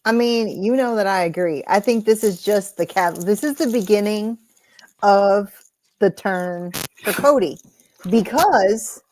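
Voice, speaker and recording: Podcast co-host, woman, animated casual chat with playful acted quotes. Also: medium pitch, slight background noise. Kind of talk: casual chat reacting to wrestling.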